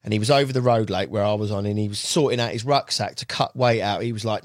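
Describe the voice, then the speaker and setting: Male guest, casual storyteller, low pitch, dry close sound. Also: fast, no room sound. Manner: rambling, chatty, often slips into quoting others. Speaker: guest angler.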